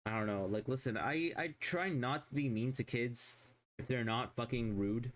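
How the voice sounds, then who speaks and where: A man's voice: mid-range voice, normal speed. A man streaming a casual chat, rambling and swearing constantly as he rants in exasperation.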